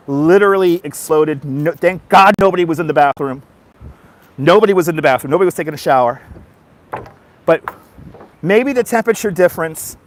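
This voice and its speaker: Brief: man, slightly high voice, livestream vlogger, recorded outdoors on a phone. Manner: chatty storytelling, greets viewers by name. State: tired after a nap. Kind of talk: casual livestream chat. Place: outdoors on a boardwalk.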